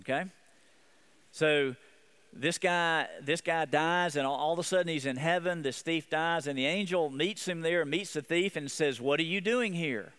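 A man's voice: on the high side, moderate pace, fairly bright tone, clean tone. A man preaching a sermon as pastor, earnest, often repeating and restarting his phrases.

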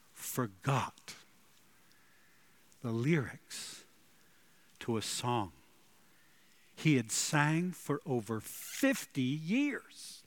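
Slow-speaking male preacher. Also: medium pitch. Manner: dramatic storytelling, swings between loud and hushed. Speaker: pastor. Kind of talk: sermon.

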